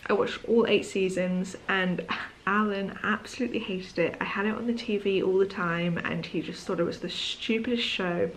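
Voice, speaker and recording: A woman vlogs to her camera at home in the evening, drowsy and yawning as she chats aimlessly, apologizing often and filling gaps with "um" and "like." She speaks at normal speed in a steady, medium-pitched voice, with slight background noise.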